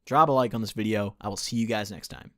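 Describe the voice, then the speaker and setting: A man's voice: on the low side, fast, bright, forceful tone, no room sound, studio quality. A young man in his late teens ranting scornfully with lots of profanity on a commentary video. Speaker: YouTube commentator.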